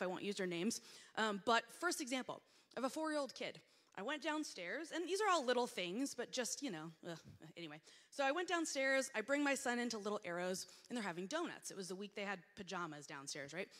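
A woman's voice: a little high, fairly bright tone. A woman in her thirties preaching a sermon in a church, reading scripture and telling candid, self-deprecating stories about herself. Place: church sanctuary. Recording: long reverb of a large church hall.

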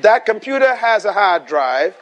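His high, fairly bright voice has a sing-song lilt and a slightly slow pace, with slight background noise. A Bahamian preacher in a live venue, he drives his sermon emphatically, repeating lines and asking the congregation to answer and echo him.

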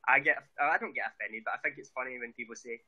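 A man's voice: medium pitch, fast, lo-fi sound. A man with a Scottish accent chatting earnestly as an interview guest over a video call, often restarting his sentences. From Scotland. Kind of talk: casual interview chat.

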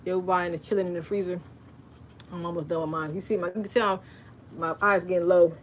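A woman hosting a crafting livestream from her home craft room, talking fast and chatty and laughing often. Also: on the low side, steady tone, slight background noise. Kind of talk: casual livestream chat and craft demo.

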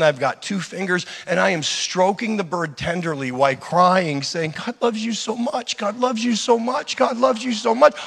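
A man preaching a sermon, telling a personal story in an animated way that swings between loud and hushed. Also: mid-range voice. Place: church hall. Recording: long hall reverb.

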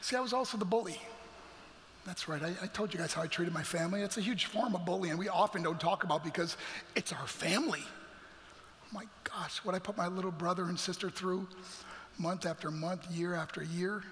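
High, bright-voiced man telling a story. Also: a little fast, a little hiss or hum. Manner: earnest, emotional storytelling. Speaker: guest speaker. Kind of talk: heartfelt motivational talk. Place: church sanctuary. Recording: long hall reverb with faint music.

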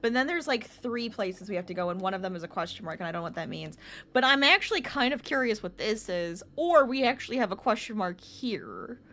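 Excitable girl streamer chatting w her viewers, voice bouncing all over. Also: medium pitch, brisk. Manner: excitable, chatty, reacting aloud to chat. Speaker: game streamer. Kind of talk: casual gameplay commentary.

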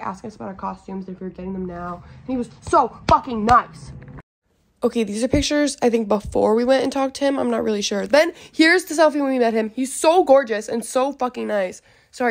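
A young woman vlogging in a casual, gushing way, full of "like" and swearing. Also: fairly high pitch. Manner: bubbly, gushing, swears a lot, fillers like "like". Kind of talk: casual vlog chat.

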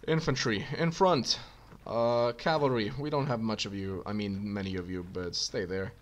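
A man's voice: on the low side, steady tone, normal speed. Rambling man narrating his gameplay. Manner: thinking aloud, rambling, many fillers. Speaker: let's play gamer. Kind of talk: casual gameplay commentary.

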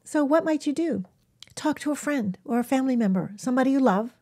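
A woman animal communicator giving casual, gentle self-help advice to camera, often dropping into a soft whisper. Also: high-pitched, lively intonation, quick pace.

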